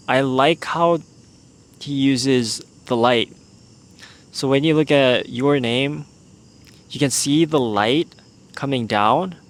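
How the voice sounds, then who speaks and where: A young man talks slowly through a casual solo podcast recorded outdoors in the evening. His mid-pitched voice has a gravelly edge. He rambles and sounds unsure, as if thinking aloud. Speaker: podcast host.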